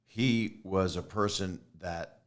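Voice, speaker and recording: A man's voice: low-pitched, fairly even intonation, slow pace, clean tone. A man hosting an interview, speaking in an earnest, reflective way that trails off. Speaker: host. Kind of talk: casual interview chat.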